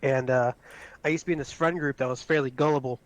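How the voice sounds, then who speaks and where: A man's voice: mid-range voice, steady tone, fast talker. A man chatting casually with a teammate while playing, telling a rambling story full of profanity. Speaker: squad teammate.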